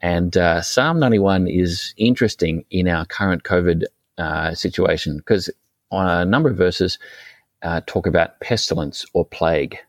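A very low-voiced man chatting on a podcast. He talks in a thoughtful, meandering way, full of ums and uhs. The sound is close and dry, with no room around it. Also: moderate pace, no echo. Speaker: podcast co-host. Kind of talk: casual chat.

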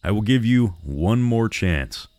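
A man's voice: fairly low pitch, expressive, unhurried, darkish tone, no room sound. A man voicing a sinister old woman in black, with a papery, stern manner. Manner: stern, coaxing.

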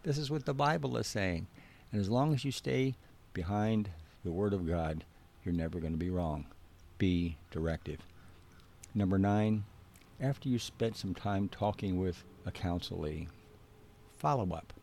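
A man with a deep, husky voice delivers a teaching talk. His tone is mellow and warm. He speaks earnestly and gives direct instructions, repeating his key points for emphasis. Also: unhurried. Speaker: biblical counseling instructor.

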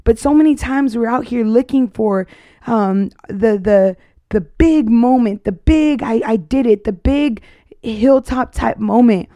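A woman's voice: on the high side, unhurried, mellow, no echo. Earnest young woman sharing her faith. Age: 20s. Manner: earnest, heartfelt, rambling with many fillers. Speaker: podcast host. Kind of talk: casual faith testimony.

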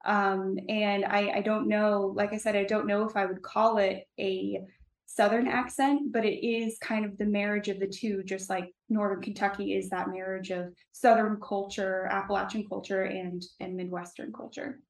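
A woman's voice: mid-range voice, flat delivery, moderate pace, roomy sound, recorded from a distance. A woman from Indiana, an editor, answering casually, emphatic yet full of fillers. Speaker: newspaper editor.

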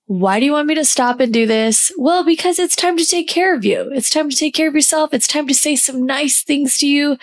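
A woman hosting a self-care podcast, guiding listeners through affirmations in a warm, encouraging, casual way. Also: high-pitched. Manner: slow deliberate pacing on repeated affirmations. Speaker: podcast host.

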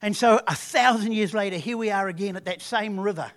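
A man preaching a sermon, retelling a story in a lively way with frequent restarts. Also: sits high, brisk.

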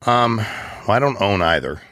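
Deep-voiced blunt talking man. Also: lively intonation, measured pace, sharp tone, no echo, studio quality. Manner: rambling, blunt, drops into slang like "dude" and "ain't". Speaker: guest, business owner. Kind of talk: casual interview chat.

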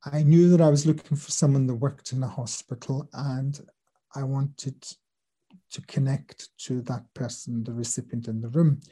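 A man's voice: medium pitch, steady tone, moderate pace, breathy edge. A man, a spirit medium and teacher, telling stories and explaining his work in an earnest interview conversation. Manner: earnest, explanatory, drops soft when quoting others.

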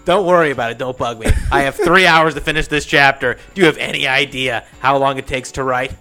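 A man's voice: mid-range voice, fairly even intonation, moderate pace, a bit bright, faint music behind, close to an everyday voice. A man playing a frantic sleepless coach. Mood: defensive. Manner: defensive, lecturing. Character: sleepless frantic male coach obsessed with his writing.

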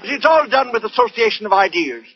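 An actor playing a bumbling, boastful memory-school quack in a 1940s radio comedy, speaking in a slow, chuckling drawl with folksy grammar. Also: male voice, high-pitched, sing-song, crowd noise. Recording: dull old radio broadcast.

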